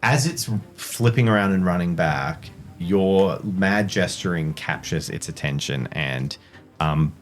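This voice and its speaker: A man narrating as game master, describing the scene with frequent pauses and fillers. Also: deep voice, faint music behind. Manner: halting narration with many fillers.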